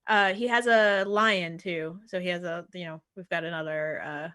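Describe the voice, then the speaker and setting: A woman walks through a film's plot on a casual podcast, leaning on fillers as she goes. Her voice has a middle pitch. The recording is dry and close. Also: fairly even intonation, normal speed, a bit bright, no room sound. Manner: recaps the plot, with frequent fillers and laughs. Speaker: podcast co-host. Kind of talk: casual film discussion chat.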